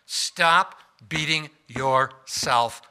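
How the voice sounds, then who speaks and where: A man preaching a sermon, swinging between loud stressed lines and quiet asides and asking his listeners questions. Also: a little high, very slow, clear, resonant tone.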